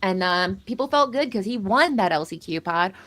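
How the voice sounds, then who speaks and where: A woman commentating a live trading card game tournament in a playful, jokey way. She rambles through player introductions with teasing asides, at a middle pitch that suits her. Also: expressive, moderate pace, a bit bright. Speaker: caster.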